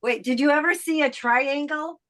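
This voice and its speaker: A woman's voice: high voice, normal speed, a bit bright, no echo, studio quality. A woman chatting casually on a video call from her garden shed, fumbling with her camera. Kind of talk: casual chat.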